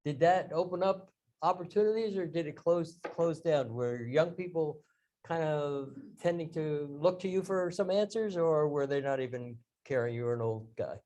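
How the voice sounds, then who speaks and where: Man, interviewer, slightly high voice, hesitant questions. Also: lively intonation, normal speed, warm tone, a little hiss or hum, poor audio. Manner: hesitant, searching for words when asking questions. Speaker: class interviewer. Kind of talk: interview questions in a church class.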